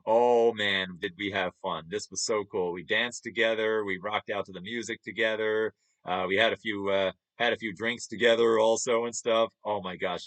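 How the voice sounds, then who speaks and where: A man's voice: on the low side, fairly bright tone. Chuckling New man. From New York. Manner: chatty, chuckles often, upbeat. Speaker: streamer. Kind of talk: casual chat over photos.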